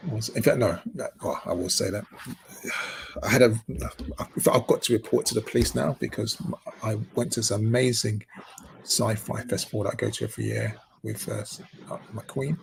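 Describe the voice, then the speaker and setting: A man's voice: lowish voice, vocal fry, slight background noise. A man hosting a community news update in casual, rambling commentary full of fillers and restarts. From United Kingdom.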